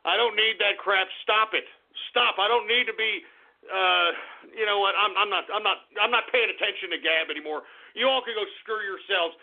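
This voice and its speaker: A man's voice: sits high, moderate pace, gravelly. A man hosting a talk radio show, ranting angrily, swearing and repeating himself. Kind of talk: live talk radio rant. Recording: tinny phone-like lo-fi radio recording.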